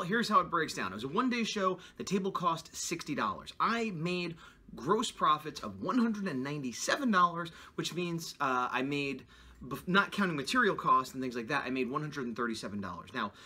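Here a man with a fairly high, sharp, slightly rough voice records an on-the-scene vlog. He's an artist selling at an outdoor convention and talks casually and offhandedly.

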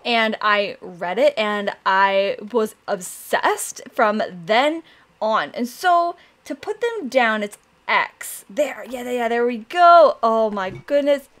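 Bubbly high-voiced young woman gamer. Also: slow. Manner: bubbly, excitable, gasps and squeals with delight. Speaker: gaming channel host. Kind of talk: casual let's-play commentary.

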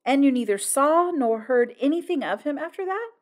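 A fussy, courteous foreign gentleman detective, as a woman puts him on, with ornate, formal phrasing. The voice runs up and down in lively swings. It is a storybook reading. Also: high-pitched, normal speed, pitched above the performer's own voice. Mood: polite.

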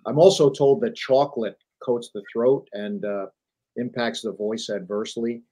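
A middle-aged man, a journalist and author, telling business stories in a lively, emphatic way as a guest on an interview show. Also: medium pitch, moderate pace, breathy edge, poor audio. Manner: animated storyteller, emphatic repetition. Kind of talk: conversational interview.

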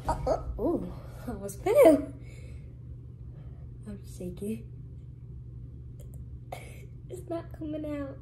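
A young woman chatting casually to camera in a vlog, lively and sometimes dropping to hushed whispers. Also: high voice, slow, pauses often, slight background noise, poor audio. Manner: lively, switches to hushed whispers when nervous. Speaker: vlogger.

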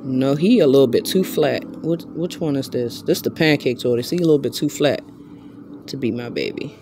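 A woman vlogs from bed late at night. She talks in rambling, self-interrupting chatter, then jumps into a high baby voice for her pet. A faint hiss sits under the recording. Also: normal speed. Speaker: vlogger. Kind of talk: casual late-night vlog.

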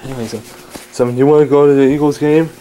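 A man's voice: medium pitch, flat delivery, quick pace, warm tone, a little hiss or hum. A man bickering and stammering through a homemade comedy skit in which he plays several characters.

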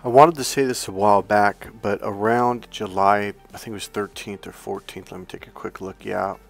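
A man working as a dating and relationship coach, telling an unscripted story in an energetic, earnest way with rambling restarts. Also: fairly low pitch, normal speed, vocal fry, soft background music.

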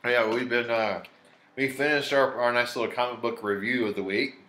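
A man's voice: medium pitch, fairly even intonation, moderate pace, a bit bright, slight background noise. A man co-hosting a comic book show, chatting easily and plugging the show. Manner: easygoing, plugs the show. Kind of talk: casual chat. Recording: roomy echoey room.

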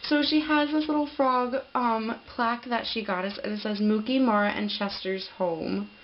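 A young woman in a casual vlog, opening a gift package and gushing with excitement, full of fillers and little laughs. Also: fairly high pitch, moderate pace, dull audio, slight background noise. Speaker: pet vlogger.

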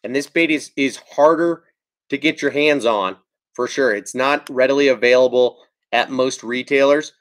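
A man hosting a live-stream fishing video, talking in a relaxed, rambling way with frequent ums while he answers viewers' chat. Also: medium pitch, moderate pace. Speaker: fishing channel host. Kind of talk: casual live-stream product talk.

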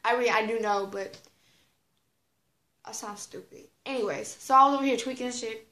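A teenage girl with a slightly high voice tells a loose, rambling story full of fillers, slang and the odd curse word. Her voice bounces off a roomy, echoey space. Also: a little fast, fairly bright tone, slight background noise. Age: teens. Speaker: vlogger. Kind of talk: casual storytime monologue. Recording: roomy echo.

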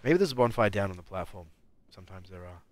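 A man's voice: low voice, expressive, fast, slight background noise. A man giving rambling live commentary while playing a game, mumbling and talking back at the enemies on screen. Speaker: streamer.

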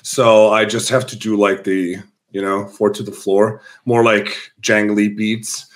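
Hoarse man, low voice. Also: level tone, a little slow. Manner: rambling, many fillers and restarts. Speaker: guest musician. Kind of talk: casual interview chat.

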